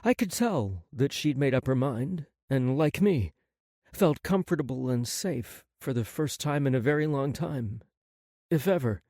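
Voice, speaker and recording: A man reading a first-person novel as an audiobook narrator, with an expressive, intimate delivery. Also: medium pitch, measured pace, no echo, studio quality.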